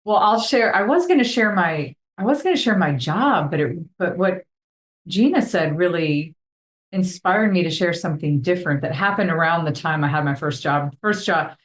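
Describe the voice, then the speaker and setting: A woman co-hosting a podcast, talking in a lively, chatty way over a video call. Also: lowish voice, moderate pace, echoey room. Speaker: podcast co-host. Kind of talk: casual podcast conversation.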